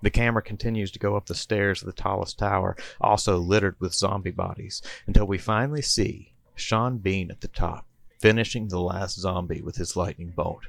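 A man's voice: deep voice, steady tone, normal speed, vocal fry. A man and podcast host reading out a comedy story in a playful storytelling manner. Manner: playful storyteller, chuckling between bits.

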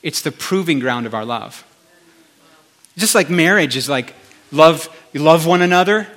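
A male pastor giving a conversational sermon, animated, with chatty asides to the congregation. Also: on the high side, normal speed.

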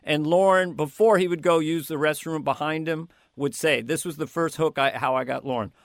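Older comedian guy, kinda high voice, rambling animated stories, laughs a lot, dry close sound. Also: normal speed, no echo. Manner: animated storyteller, laughing and stammering through anecdotes. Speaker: comedian guest. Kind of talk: casual interview.

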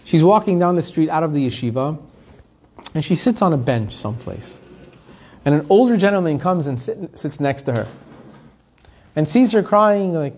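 A man teaching a weekly Torah class, telling a story with lively acted quotes and quick restarts. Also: fairly high pitch. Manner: animated storyteller, quick restarts and repeated words.

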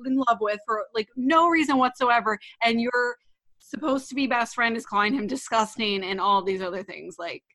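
Incredulous woman in casual chat, higher voice. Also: normal speed, a bit bright. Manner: incredulous, emphatic, many "like" fillers. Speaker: podcast co-host.

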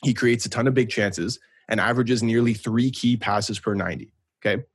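Man, podcast co-host, casual football talk, husky, dry close sound. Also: lowish voice, brisk, dry recording. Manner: talkative, keeps asking "right?". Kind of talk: casual sports chat.

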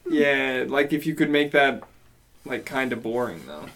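A man's voice: mid-range voice, lively intonation, unhurried, fairly bright tone, a little hiss or hum. A man co-hosting a casual chat, rambling and full of fillers. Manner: rambling, full of "like" and "you know".

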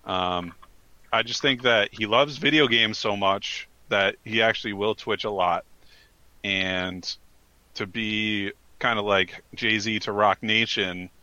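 A man's voice: fairly low pitch, fairly even intonation, slow, bright, forceful tone, no echo. A man in casual chat as a podcast co-host, earnestly and emphatically recommending things. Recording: slightly dull, lo-fi mic.

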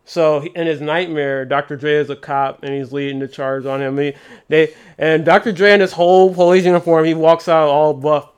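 A man's voice: a little high, steady tone, normal speed, clear, resonant tone. A young man in casual chat, telling stories in a laid-back, slangy way.

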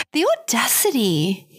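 A woman co-hosting a podcast in casual chat, reacting quickly and musing about relationships. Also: fairly high pitch, very animated, breathy edge. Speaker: podcast co-host.

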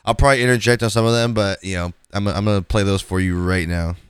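A man's voice: lowish voice, fairly even intonation, fast talker, smooth, no echo. A man hosting a podcast, talking loosely with restarts and fillers as he sets up clips. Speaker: podcast host. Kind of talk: casual commentary.

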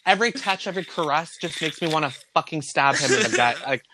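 A man's voice: a little high, animated, fast talker, pushed and bright, a little hiss or hum. A man chatting casually on a podcast, telling a frank, profane story full of "like".

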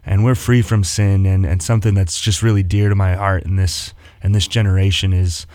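A man's voice: deep voice, steady tone, fairly quick, dry recording, clean studio sound. A man who is an assistant pastor, talking earnestly in a casual radio chat and quoting scripture. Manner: earnest, warm about faith, quotes scripture.

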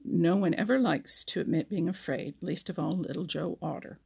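A woman narrating a children's storybook at a slow, careful pace, now and then stumbling and restarting a word. Her voice is low, husky and gravelly. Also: dark tone. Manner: slow reading with small slips and restarts. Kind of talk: storybook reading.

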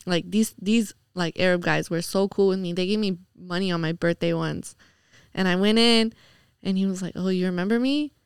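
A young woman from New chats as a guest, storytelling loosely with lots of "like" and casual swearing. Her voice is very smooth and clear. The sound is close and dry, with no room echo. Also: lowish voice, normal speed. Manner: relaxed storytelling, heavy with "like" and swearing. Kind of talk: casual chat.

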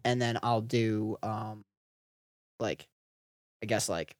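A woman's voice: extremely low pitch, slow pace, a little mellow, no echo, studio quality. A woman co-hosting a podcast in casual chat, rambling through profane stories full of fillers. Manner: loose, rambling, profane storytelling with many fillers. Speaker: podcast co-host.

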